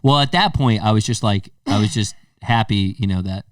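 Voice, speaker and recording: A young man co-hosting a casual podcast, animated and profane as he acts out the people in his stories. He sits a little away from the mic in a dry, dead room. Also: on the low side, normal speed, no echo, far from the mic. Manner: animated, swears freely, acts out quotes. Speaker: podcast co-host. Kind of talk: casual storytelling chat.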